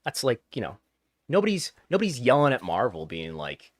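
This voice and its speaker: A man's voice: mid-range voice, huge pitch swings, brisk, dry recording, studio quality. A man hosting a podcast, chatting casually about the news with wry, joking asides. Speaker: podcast host.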